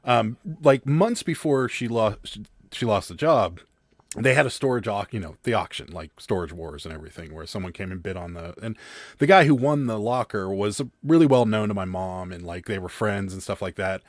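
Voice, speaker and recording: A man's voice: on the low side, moderate pace, no room sound, studio quality. A man who is a guest on an online panel, telling a story in a rambling way with many restarts over a video call. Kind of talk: casual storytelling chat.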